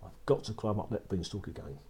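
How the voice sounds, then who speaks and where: A man's voice: on the low side, lively intonation, brisk, mellow, lightly acted. A man voicing a bold, cheeky boy in a children's story, talking cheerily and politely. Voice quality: husky. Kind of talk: storybook reading.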